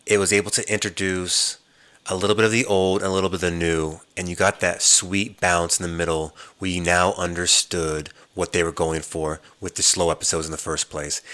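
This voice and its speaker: Low-voiced man recapping a TV episode. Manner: animated storyteller who mimics characters' lines. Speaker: podcast host.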